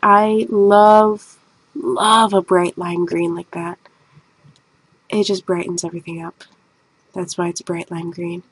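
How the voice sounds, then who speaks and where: A woman's voice: lowish voice, level tone, takes it slowly, pauses often, slightly rough, dry recording, poor audio. A woman artist with a somewhat nasal voice, chatting in a rambling, self-mocking way over a video of her painting.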